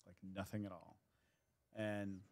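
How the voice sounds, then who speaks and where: Animated low-voiced man co-hosting a podcast. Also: measured pace, creaky. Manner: leads the questions, animated, frequent laughs. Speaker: podcast co-host. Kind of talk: casual chat.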